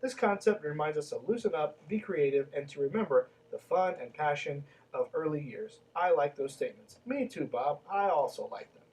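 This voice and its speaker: A man with a fairly high voice reads from a book on a podcast and keeps stopping to mock it, sarcastic and profane. He sits somewhat back from the microphone, so the sound is a little distant. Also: expressive, moderate pace, hardly any pauses, a little mellow. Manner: snarky, sarcastic, swears freely. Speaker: podcast host reading a book aloud. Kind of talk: casual podcast commentary and reading.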